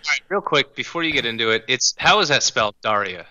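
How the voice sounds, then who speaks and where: A man's voice: medium pitch, lively intonation, quick pace, bright, forceful tone, low-quality recording. A man co-hosting a podcast, joking crudely and mocking himself in casual chat. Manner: self-mocking, crude humor. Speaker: podcast co-host.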